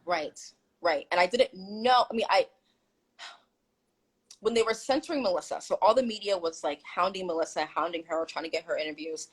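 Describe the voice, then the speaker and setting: Her pitch is fairly low, her pace moderate, and her tone husky, all on a rough phone or video-call recording. She is a guest on a live stream, retelling a story with animated emphasis and quoting others' remarks.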